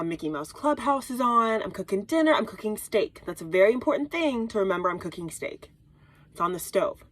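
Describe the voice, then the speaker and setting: A mom in her thirties tells a story to camera in a casual vlog, animated and exaggerated, slipping into whispered asides. She speaks in a mid-range voice, recorded dry inside a small closet.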